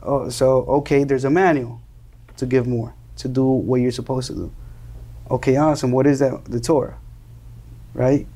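A man's voice: mid-range voice, steady tone, normal speed, long pauses, mellow. A young man from Colombia, a guest in an interview, earnestly telling his story and often repeating and restarting words as he searches for phrasing. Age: young adult.

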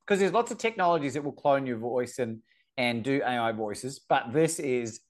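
Kiwi guy hosting a video call, chatty, keeps tripping and restarting, middle pitch. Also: animated, normal speed. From New Zealand. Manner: chatty, stumbles and restarts often. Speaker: host. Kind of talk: casual video-call conversation.

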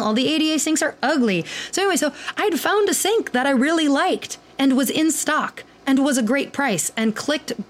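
A woman hosting a podcast, talking candidly in a rambling, casual monologue full of fillers and the odd swear word. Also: fairly high pitch. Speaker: podcast host and clinician.

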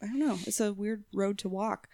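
A woman guest on a podcast talking in casual chat, halting and hesitant with many fillers. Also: mid-range voice, warm tone, no room sound, clean studio sound.

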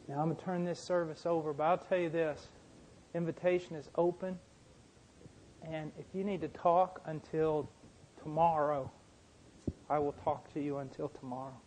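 A middle-aged man preaching a sermon, telling a story with impassioned, repetitive emphasis that swells toward fervent shouting. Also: on the high side, fairly even intonation, measured pace, pauses often, a little hiss or hum. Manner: impassioned, rising to shouting fervor.

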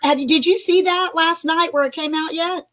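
Older woman, high voice, co-host on a faith broadcast, emphatic and lively delivery. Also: normal speed. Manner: animated, emphatic, many restarts. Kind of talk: casual faith talk chat.

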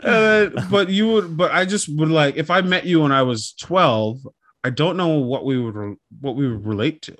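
A man co-hosting a casual podcast chat, animated and profane, often slipping into quoted voices. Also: a little high, normal speed, no room sound. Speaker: podcast co-host.

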